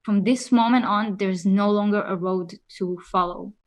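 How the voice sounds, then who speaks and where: A woman co-hosting a casual podcast chat, speaking in an earnest, measured way. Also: medium pitch, steady tone. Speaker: podcast co-host.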